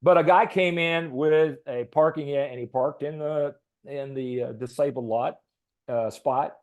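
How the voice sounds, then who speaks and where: A man's voice: fairly high pitch, a little slow. A middle-aged man from Texas, a podcast guest, telling a long casual story with many fillers and small laughs. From Texas, USA. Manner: rambling, with fillers and soft laughs.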